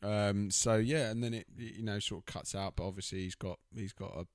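Low-voiced man, blunt podcast banter. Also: steady tone, brisk, no echo, studio quality. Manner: laughing, blunt, swears freely. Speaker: podcast co-host. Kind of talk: casual film recap chat.

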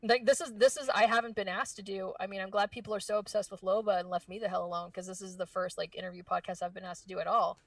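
A woman voice actress chatting in an interview with a gravelly, creaky texture. She rambles happily, stacking fillers and restarts. The sound is dry but a little distant from the mic. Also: medium pitch, fairly even intonation, fast, hardly any pauses, no room sound. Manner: chatty, lots of likes and restarts. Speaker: voice actress guest. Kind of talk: casual interview chat.

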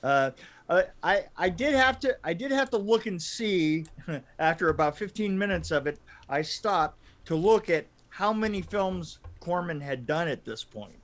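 A man co-hosting a casual movie review chat, talking in halting restarts and laughing often. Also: high-pitched, animated, fairly bright tone. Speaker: podcast co-host.

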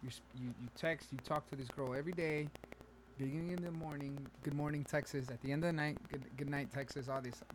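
A man co-hosting a laid-back podcast, his voice on the higher side for a man. He spins scenarios with animated energy, calls his friend bro and drops into phrases as he goes. A steady hum of room noise runs underneath. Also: fast talker, low-quality recording. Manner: animated storyteller, calls people bro, mixes in Spanish. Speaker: podcast co-host. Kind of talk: casual banter.

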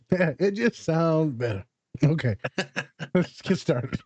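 A man's voice: on the high side, expressive, takes it slowly, a little mellow, breathy edge, dry recording, lo-fi sound. A man co-hosting a casual podcast as the resident therapist, playful and teasing in loose, chatty talk.

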